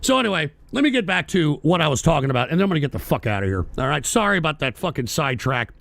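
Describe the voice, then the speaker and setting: Gravelly, swearing radio host. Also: male voice, fairly high pitch, big pitch swings, racing, a bit bright, dry recording. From United States. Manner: heated, swearing, repeats himself. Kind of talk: profane political rant.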